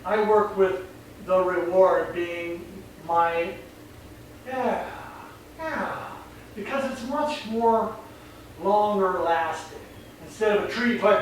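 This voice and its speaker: High-voiced male dog trainer, echoey. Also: slow. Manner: rambling, chatty, acts out voices. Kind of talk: casual explanation on camera. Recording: very echoey, distant mic, faint noise.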